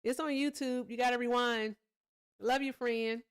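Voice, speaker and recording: Blunt, smooth-voiced woman livestream host. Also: a little high, fairly even intonation, moderate pace. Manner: blunt, profane, chats with viewers between points. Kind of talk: casual political commentary livestream.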